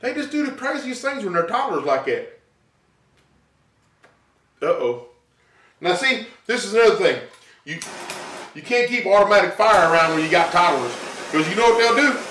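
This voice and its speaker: A high-pitched man with a drawl tells animated stand-up stories from home, throwing in sound effects like "boom" and "pow." He sounds a little distant from the mic, in a roomy, echoey living room. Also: normal speed, long pauses, slight background noise. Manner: animated storytelling, sound effects, talks to audience. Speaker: stand-up comic.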